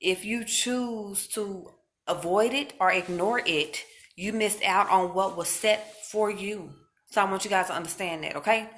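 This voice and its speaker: A woman's voice: medium pitch, a little slow, a bit bright. A woman speaking earnestly and informally to her viewers, giving casual spiritual encouragement. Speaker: faith vlogger.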